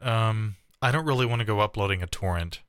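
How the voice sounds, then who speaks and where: Male podcast co-host, lowish pitch, clear dry close-mic sound, wry and chatty. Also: fairly quick, fairly bright tone, no echo. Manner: joking, mildly exasperated, chatty. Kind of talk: casual podcast chat.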